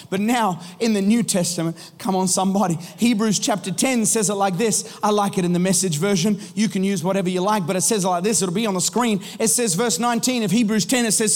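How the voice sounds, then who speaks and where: A man preaching a sermon as pastor, building with fervor and breaking into shouts. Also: high-pitched. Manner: impassioned preaching, rising to shouts. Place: church sanctuary. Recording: long reverb in a large hall with music.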